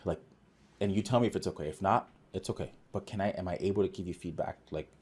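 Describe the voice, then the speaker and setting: A man's voice: low-pitched, fast talker, husky. A man who works as an office manager, guesting on a podcast and telling workplace stories in a casual, earnest way, acting out quoted dialogue. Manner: earnest, animated retelling with quoted dialogue and many restarts. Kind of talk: casual conversational storytelling.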